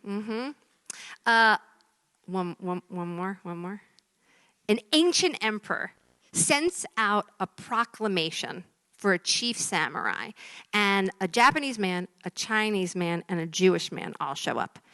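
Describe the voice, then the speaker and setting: A woman's voice: medium pitch, a little slow, clean tone, no echo. A woman telling jokes to a live audience, acting out the characters with voice shifts and dropping to a whisper for effect. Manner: lively storyteller, drops to whispers for effect. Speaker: joke teller. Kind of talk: stand-up joke telling.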